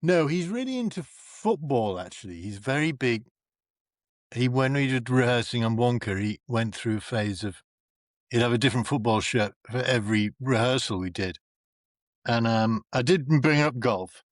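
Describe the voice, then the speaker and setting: A man, a podcast guest, chatting casually and telling animated stories that act out other people's lines. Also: mid-range voice, moderate pace, no echo, studio quality. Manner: animated storyteller, acts out quoted voices. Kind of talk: casual chat.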